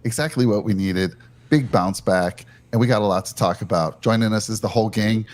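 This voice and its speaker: A man with a fairly low voice talks a little fast while hosting a live postgame reaction show as a podcast host. He is upbeat and steers the discussion.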